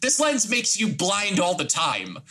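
A man with a high, bright and very lively voice rambles nerdily about film technique on a casual podcast. He stumbles and restarts sentences as he goes. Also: measured pace. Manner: nerdy, rambling, restarts a lot. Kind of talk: casual film review chat.

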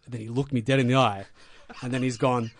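A man, a wrestling manager guest, telling stories in a crude, deadpan, boastful way full of swearing. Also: medium pitch, quick pace, no room sound. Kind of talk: casual storytelling in a podcast interview.

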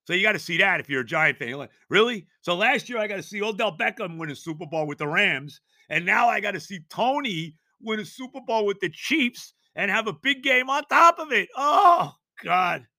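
An exasperated man rants through a sports talk segment, tripping over his words and now and then erupting into shouts. His voice is high and piercingly bright, with big swings in pitch. It sounds close and dry, with no room echo. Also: animated, fairly quick, few pauses. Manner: exasperated, ranting, stammering restarts, bursts of shouting.

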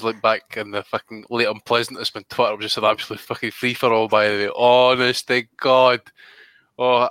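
A man's voice: mid-range voice, sharp tone, no echo. A man co-hosting a casual boxing podcast, blunt and full of swearing. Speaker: podcast co-host.

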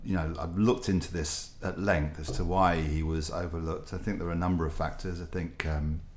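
Deep-voiced older man, wry storyteller. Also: flat delivery, a little fast. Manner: wry, self-deprecating, rambling asides. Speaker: guest, former football broadcaster. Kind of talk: anecdotal storytelling.

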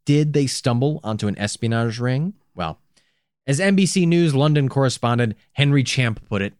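A man's voice: medium pitch, expressive, moderate pace, a little mellow, clean tone, dry recording, clean studio sound. A man co-hosting a true-crime podcast, telling the story casually with wry asides and some swearing. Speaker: podcast co-host.

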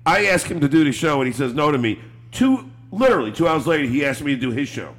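A man hosting a podcast, telling a story in a laughing, rambling, animated way with swearing and restarts. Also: on the high side, fast talker. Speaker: podcast host. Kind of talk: casual storytelling chat.

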